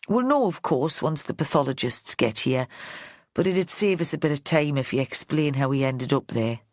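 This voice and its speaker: Female reader as a blunt middle-aged woman detective, low, dry, homely and plain-spoken. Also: lively intonation, normal speed, no room sound. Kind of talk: audiobook character voice.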